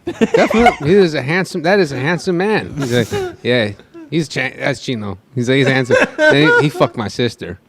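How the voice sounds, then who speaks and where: Animated storytelling man, lively pitch. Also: brisk. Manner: animated, swings pitch widely when quoting people. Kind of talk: comedic storytelling.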